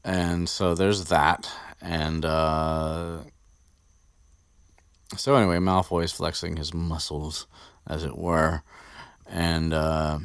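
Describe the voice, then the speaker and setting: A man's voice: very deep voice, level tone, slow, long pauses, smooth, no room sound, clean studio sound. A man hosting a casual podcast chat, rambling and profane, with frequent restarts. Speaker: podcast host discussing a book.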